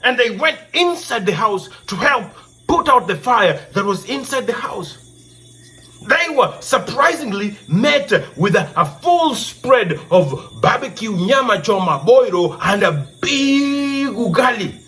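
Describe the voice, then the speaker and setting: A man from Kenya tells a moral folk tale in a fairly high voice with big swoops of pitch. He takes his time, drawing out his phrases and repeating his questions like a preacher, over faint music. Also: sing-song, unhurried, pushed and bright. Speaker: storyteller and show host. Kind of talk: oral storytelling with a moral.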